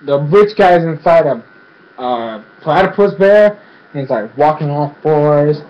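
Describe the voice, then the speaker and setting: A man giving an excited, rambling casual recap as a show reviewer, filling his speech with "freaking" and "like". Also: on the high side, a little slow. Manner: rambling, excitable, fills speech with 'freaking' and 'like'. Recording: dull lo-fi recording.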